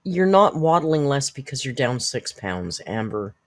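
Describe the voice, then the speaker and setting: A woman's voice: very deep voice, big pitch swings, measured pace. A woman hosting a reaction commentary channel, talking bluntly and sarcastically with frequent swearing.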